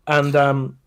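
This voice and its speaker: A young man tells a story on a podcast. He is animated and swears freely. He often slips into the voices of the people he describes. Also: medium pitch, smooth. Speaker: podcast co-host. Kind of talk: casual storytelling chat.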